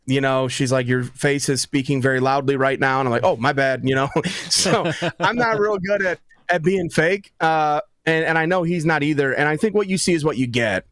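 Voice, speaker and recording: A man who is a guest author in a casual interview, telling stories in a lively way and acting out what other people said. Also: medium pitch, no room sound, clean studio sound. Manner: lively storyteller who acts out quotes.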